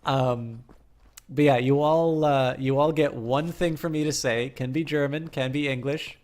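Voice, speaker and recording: A man's voice: mid-range voice, fairly even intonation, measured pace, darkish tone. A man streaming a game, chatting casually with viewers in a rambling way full of fillers.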